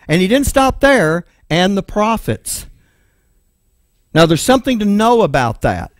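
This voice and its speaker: A man's voice: high voice, very animated, a little slow, dry recording, clean studio sound. A man with a Texan accent preaching and teaching from the Bible, reading verses aloud and asking the room questions before he answers them himself. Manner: reads scripture aloud, then explains it verse by verse; calls to an assistant for the next slide. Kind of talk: sermon-style Bible teaching.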